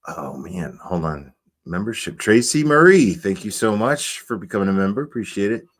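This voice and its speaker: A man hosting a casual livestream from his home studio, relaxed and chatty, filling his talk with "like" and laughing easily. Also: lowish voice, normal speed. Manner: laid-back, says "like" often, talks baby-talk to his dog. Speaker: livestream host.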